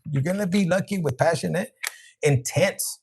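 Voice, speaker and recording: A man with a fairly high, gravelly voice hosts a casual live-stream tarot reading. He jokes crudely and chats straight to his viewers, tossing in Spanish words as he goes. A faint hiss of noise sits under his voice. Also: normal speed, darkish tone. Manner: crude, joking, chatty, sprinkles Spanish words; talks to live chat viewers.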